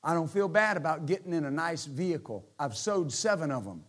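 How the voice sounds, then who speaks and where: A pastor preaching a lively sermon. His voice sits a little high for a man and jumps between quiet asides and loud bursts. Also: brisk. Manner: animated, joking, swings from quiet to shouting.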